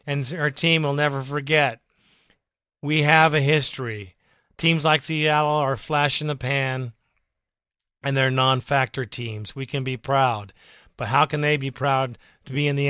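A man's voice: medium pitch, steady tone, a little slow, sharp tone, clean tone, dry recording, studio quality. A man hosting a fan podcast, ranting with emotion and profanity, his voice worn out. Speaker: podcast host. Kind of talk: impassioned fan podcast rant.

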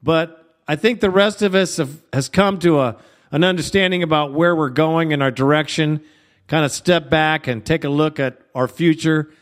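Upbeat sports radio host, slightly high. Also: male voice, moderate pace. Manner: upbeat, addresses callers as brother.

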